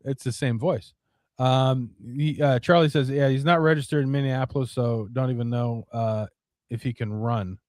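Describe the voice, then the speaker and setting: A man's voice: medium pitch, fairly even intonation, normal speed, darkish tone, no room sound, studio quality. A man hosting a casual podcast stream, rambling with fillers and frequent swearing. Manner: rambling, profane, many fillers. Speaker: podcast host. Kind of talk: casual live-stream chat.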